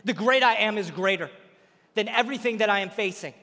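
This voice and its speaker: High-voiced male preacher in a reverberant hall. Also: a little fast. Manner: animated storytelling preaching, acting out quotes. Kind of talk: sermon.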